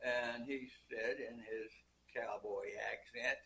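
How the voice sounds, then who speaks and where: Slow, hesitant old male storyteller. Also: mid-range voice, fairly bright tone, a little hiss or hum, rough recording. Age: older. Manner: hesitant, many fillers and restarts. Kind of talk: telling a joke as a rambling story.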